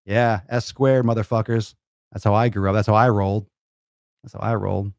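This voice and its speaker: A man's voice: lowish voice, steady tone, a little fast, vocal fry, no echo, studio quality. A man hosting a fitness show, lecturing his viewers in a blunt, profane, fired-up rant. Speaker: fitness coach and show host. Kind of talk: ranting monologue to camera.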